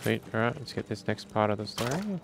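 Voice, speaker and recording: A man's voice: on the low side, animated, brisk, vocal fry, background noise. A man casually commenting on a game as he plays, thinking aloud about weapons and controls. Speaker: gamer playing through a game. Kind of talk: casual let's-play commentary. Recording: game music playing under the voice.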